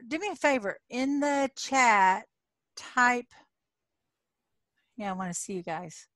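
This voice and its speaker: An older woman coaching a live online audience, telling a story with frequent laughs and then guiding them through soft, slow reflection prompts. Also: mid-range voice, no echo. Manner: slows into soft guided prompts.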